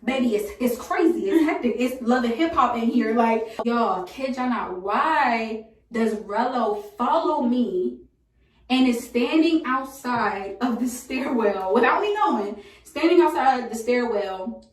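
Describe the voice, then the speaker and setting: A young woman telling a college story in a casual, slangy, animated way, with frequent laughs. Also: a little high, a little slow. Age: young adult. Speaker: storytime vlogger. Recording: echoey room from a distance.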